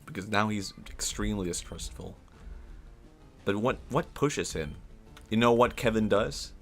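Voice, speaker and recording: A man streaming live and retelling a story in a rambling, animated way, laughing often. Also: on the low side, measured pace, soft background music.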